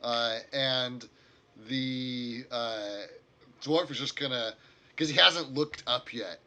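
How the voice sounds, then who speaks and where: A man's voice: mid-range voice, takes it slowly, bright, forceful tone. A man narrating as game master of a tabletop game, rambling with lots of fillers.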